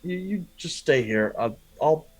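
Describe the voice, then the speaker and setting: A man's voice: fairly high pitch, expressive, unhurried, soft background music. A man voicing an irritable male guard who mutters and stammers, in a tabletop game. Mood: annoyed.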